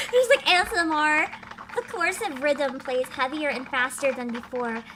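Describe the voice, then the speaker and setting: A young woman streaming a game, reading its text aloud and gushing excitedly between lines with frequent giggles. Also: high-pitched, a little slow, background noise. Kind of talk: game livestream, reading and reacting.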